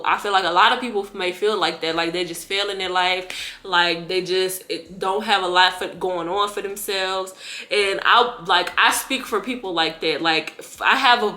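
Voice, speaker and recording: A woman's voice: mid-range voice, sharp tone. A young woman ranting in a vlog about scamming customers, blunt, heated and profane with lots of slang. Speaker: vlogger and delivery shopper.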